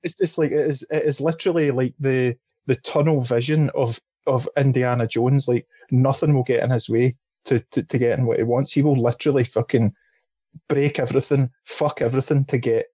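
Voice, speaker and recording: A man's voice: medium pitch, brisk, slightly rough, no room sound. A man chatting casually about films, swearing freely and telling stories with gusto. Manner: animated, sweary storyteller. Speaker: film podcast panelist. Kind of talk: casual chat. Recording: dull lo-fi sound.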